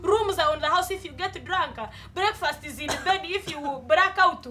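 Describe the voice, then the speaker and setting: A woman's voice: extremely high pitch, pushed and bright, slight background noise. A woman with a Ugandan English accent playing an indignant bar owner in a comedy sketch, ranting sarcastically at a customer. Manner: indignant, sarcastic, mocking, fast rant.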